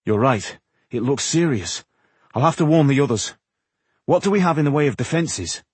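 Guy voicing a plainspoken young dwarf blacksmith, kinda husky, bouncy delivery, dry audiobook sound. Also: medium pitch, expressive, moderate pace, dry recording, pitched above the performer's own voice. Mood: alarmed. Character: young male dwarf smith, earnest and practical.

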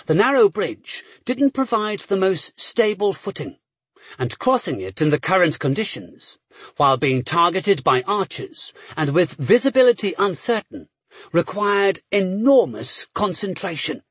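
A man reading an adventure novel aloud as a narrator, measured and steady, with brief voiced dialogue. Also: high voice, breathy edge, no echo. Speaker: audiobook narrator. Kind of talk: scripted narration.

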